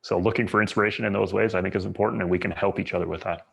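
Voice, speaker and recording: Guy guest speaker, low gravelly voice, kinda restarts his sentences a lot. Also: fairly even intonation, rapid-fire, fairly bright tone. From Canada. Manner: thoughtful, repeats and restarts phrases. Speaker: guest speaker, Paralympic athlete. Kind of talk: reflective storytelling talk.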